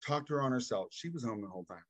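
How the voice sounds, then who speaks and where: A man's voice: medium pitch, expressive, very fast, no room sound. A man telling a long personal story as a podcast guest, acting out the voices of the people in it and laughing often. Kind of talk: casual storytelling interview.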